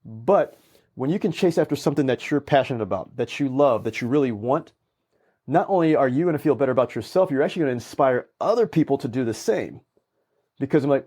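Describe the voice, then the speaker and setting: Speaking quickly in a slightly rough, medium-pitched voice, a male guest spins stories in relaxed conversation. He performs quoted lines with lots of animation.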